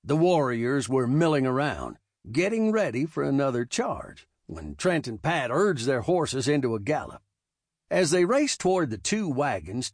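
A man narrating a western novel as an audiobook, with expressive storytelling. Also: fairly high pitch, creaky, no room sound, clean studio sound.

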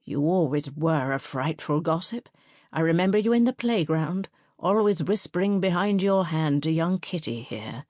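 A frail old schoolmistress with a quavering voice and a sharp tongue, as a woman reader puts her on. She speaks low and stern, recorded close and dry for an audiobook. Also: lively intonation, moderate pace, no room sound.

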